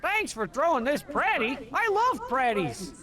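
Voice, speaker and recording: An actor playing a dim, cheerful cartoon party guest in a game, goofy and sing-song. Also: male voice, very high-pitched, sing-song, a little slow, crowd noise, full character voice. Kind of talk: video game voice acting.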